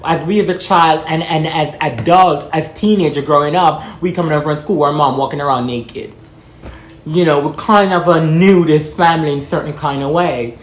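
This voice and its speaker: A woman's voice: deep voice, normal speed, reverberant. Outspoken Jamaican woman vlogging. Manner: outspoken, frank and rambling. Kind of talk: casual talk to camera.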